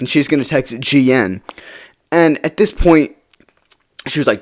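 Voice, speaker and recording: A man's voice: medium pitch, normal speed, pauses often. A young man telling a personal story in a casual vlog, rambling and checking in with the listener with "right?". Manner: rambling, many fillers like "right?".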